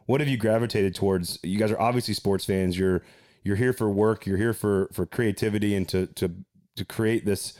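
A fairly low-voiced man hosts a casual podcast. He talks in a chatty, self-deprecating way, often restarting his sentences. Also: steady tone, moderate pace, darkish tone. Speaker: podcast host.

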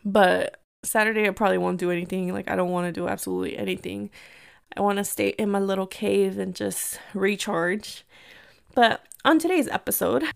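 A woman's voice: medium pitch, gravelly, clean tone. A woman in her thirties from the United States, hosting a casual podcast and telling stories in a chatty way, slipping in Spanish phrases. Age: 30s. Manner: chatty storyteller mixing in Spanish phrases, quick bursts and laughs. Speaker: podcast host. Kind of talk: casual chat.

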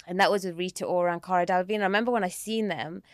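A woman's voice: fairly low pitch, fairly even intonation, very fast, no room sound, studio quality. A young woman, a guest telling her story in casual chat, full of "like" and "you know". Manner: chatty, uses many fillers like "like" and "you know".

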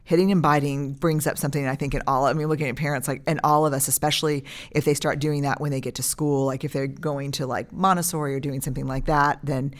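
A woman's voice: low voice, steady tone, fast, few pauses. A woman in her forties talking casually as a podcast guest, animatedly acting out what she would say to a child. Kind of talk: casual parenting chat.

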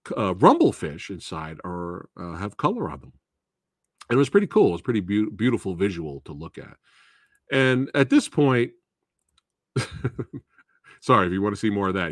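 A man's voice: fairly low pitch, big pitch swings, normal speed, pauses often, no echo, studio quality. A man hosting a casual live movie show, recapping and reviewing a film in a rambling, chatty way. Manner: rambling and chatty, with fillers and laughs. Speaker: host of a movie talk show.

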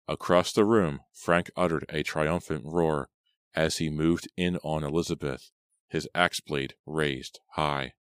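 A man narrating a horror audiobook in a steady, measured reading style. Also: extremely low pitch, clear, resonant tone, no echo, studio quality.

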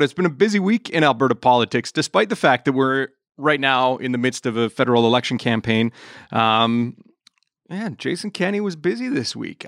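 A man's voice: mid-range voice, fairly bright tone, no room sound, clean studio sound. A man filling in as host of a casual politics podcast, joking around and talking loosely with plenty of fillers.

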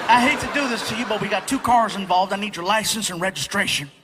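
A man playing a gruff veteran male highway cop in a stand-up bit, with a low, calm drawl. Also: quick pace, long reverb tail, very noisy, close to an everyday voice. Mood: apologetic.

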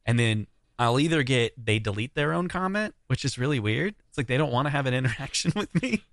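A man talks through a podcast chat in a lively storyteller's way, acting out the lines of people he quotes. His voice sits at an everyday middle pitch, and the recording is dry and close with no room sound. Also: brisk, no echo. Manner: animated storyteller, acts out quoted comments. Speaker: guest, YouTuber. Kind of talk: casual podcast conversation. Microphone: remote recording mic.

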